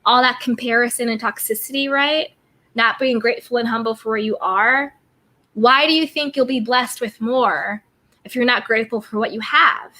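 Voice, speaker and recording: Bright upbeat woman streaming a pep talk. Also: fairly high pitch, fairly even intonation, normal speed. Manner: upbeat, repeats affirmations, greets viewers warmly. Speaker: livestream host reading chat. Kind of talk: casual self-care pep talk.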